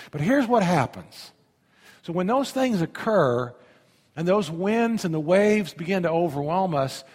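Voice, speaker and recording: A man pastor preaching a sermon in a conversational way, often asking the audience questions. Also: fairly high pitch. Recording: long hall reverb.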